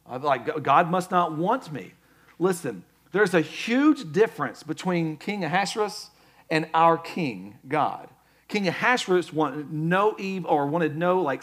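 A man preaching a conversational sermon as a pastor, moving between loud, high quoted voices and quiet, low stretches.

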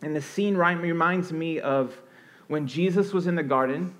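A man whose voice runs on the high side preaches a sermon as pastor at a normal speed. Earnest and expressive, he rises and falls for emphasis in a conversational flow that often restarts.

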